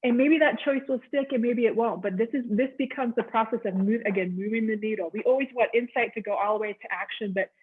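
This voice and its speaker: A woman's voice: a little high, fast talker, hardly any pauses, breathy edge. A woman counselor giving a conversational, encouraging wellness talk with frequent ums. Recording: tinny phone-like line.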